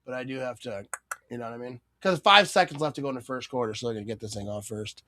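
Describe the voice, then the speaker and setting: A man's voice: mid-range voice, quick pace, sharp tone. A man from Wisconsin hosting a live watch-party stream, chatting casually, laughing often and repeating "you know what I mean.".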